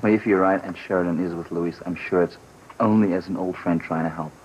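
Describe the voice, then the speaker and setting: An actor playing a patient, reasonable husband who calmly explains himself in a soap opera scene. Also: male voice, low voice, brisk, lo-fi sound, faint music behind, lightly acted. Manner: calm, explaining. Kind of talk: daytime soap opera acting.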